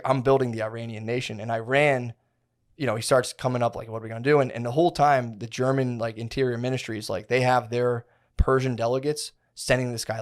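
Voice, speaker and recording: A man in a podcast chat, spinning out a long story in loose slang and often restarting his sentences. His voice sits at an ordinary middle pitch. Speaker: podcast co-host. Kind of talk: casual chat.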